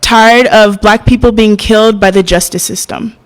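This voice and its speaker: A woman's voice: medium pitch, steady tone, normal speed, poor audio. Young woman reciting spoken word poetry. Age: young adult. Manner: hesitant and soft-spoken between poems, passionate when reciting. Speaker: open mic poet. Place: open mic venue.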